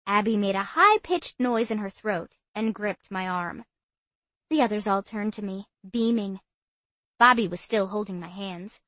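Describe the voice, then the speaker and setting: A woman narrating a children's story in the first person, in an even, lightly expressive storytelling way. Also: mid-range voice, measured pace, dry recording. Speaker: audiobook narrator.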